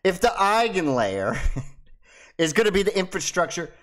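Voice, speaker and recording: A man's voice: sits high, very animated, normal speed, fairly bright tone. A man hosting his own video, talking casually and ranting in a mocking way. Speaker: crypto video host. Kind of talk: casual monologue to camera.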